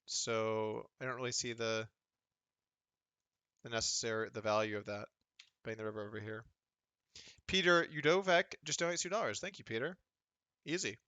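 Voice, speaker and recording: A poker streamer in his thirties chats casually on a livestream while playing online poker, rambling along with dry, sardonic humor and mocking impressions of other people. His medium-pitched voice is bright, clean and slightly tense, moving at a normal speed with frequent pauses. He's close to the mic in a dry room with no echo.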